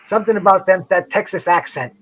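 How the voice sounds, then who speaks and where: A man's voice: high voice, fast talker, fairly bright tone, husky. An older man in casual chat, rambling and profane, stumbling over restarts as he talks outdoors by a dock on the water. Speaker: host.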